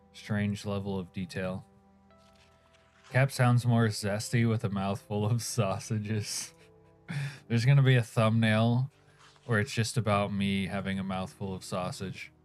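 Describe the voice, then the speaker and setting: Man, low voice, casual stream chat, reads chat out, mouth full, faint music behind. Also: steady tone, a little slow. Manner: reads chat aloud, chuckling, talks while eating. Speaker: game streamer.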